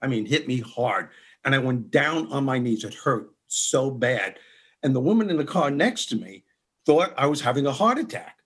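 A man co-hosting a comedy talk show, telling anecdotes in an animated way and acting out the people in them. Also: medium pitch, moderate pace, husky. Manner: animated storyteller, acts out voices. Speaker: comedian co-host. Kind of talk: casual comedic chat.

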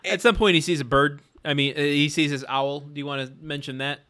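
A man's voice: fairly high pitch, steady tone, brisk, bright, forceful tone. A man co-hosting a podcast, talking through a film in wry, incredulous casual chat. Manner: wry, incredulous, laughs often. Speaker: podcast co-host reviewing a film.

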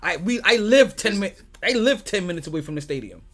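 A man's voice: high-pitched, animated, a little fast, a bit bright. A man hosting a sports podcast, chatting loosely with his co-hosts, laughing often and swearing freely. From New York. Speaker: podcast host. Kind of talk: casual podcast chat.

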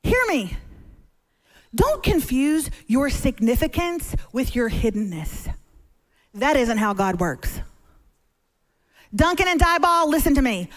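Lively high-voiced woman preaching. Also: takes it slowly, pauses often. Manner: animated, humorous storytelling preacher. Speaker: guest speaker. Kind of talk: sermon. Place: church stage before a congregation.

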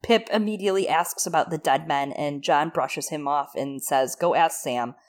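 A woman's voice: sits low, moderate pace. A woman co-hosting a casual book discussion, steadily recapping the plot. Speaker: podcast co-host.

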